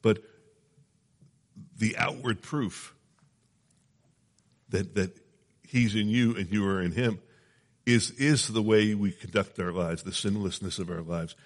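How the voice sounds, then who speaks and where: Low-voiced man preaching in an echoey hall. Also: slow pace, pauses often. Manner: conversational, checks in with the audience often. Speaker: pastor. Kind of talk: sermon.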